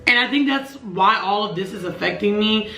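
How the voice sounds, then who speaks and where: A young woman in her twenties telling a personal story to camera, earnest and emotional, with halting restarts. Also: mid-range voice, sharp tone, roomy sound. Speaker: vlogger.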